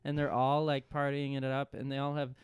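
A man's voice: medium pitch, monotone, a little fast, smooth, dry recording. Laid-back male podcast co-host, crude jokes. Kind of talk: casual chat.

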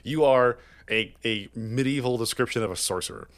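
A man's voice: mid-range voice, normal speed, no echo. A man co-hosting a casual podcast, rambling and repeating words as he talks, laughing now and then. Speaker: podcast co-host. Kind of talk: casual chat, telling a joke.

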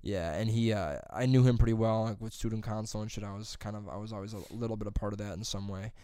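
A young man telling a rambling high school story on a podcast, swearing freely and saying "dude" and "like" constantly. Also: fairly even intonation, fast, dark tone, clear, resonant tone, dry recording. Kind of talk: casual storytelling chat.

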